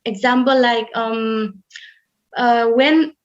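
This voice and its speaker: A high-pitched woman, teaching over a webinar. She speaks in a measured way, repeats her points and fills pauses with ums. The audio is somewhat muffled, as from a computer mic. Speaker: webinar presenter. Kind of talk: online webinar talk. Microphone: computer mic on a video call.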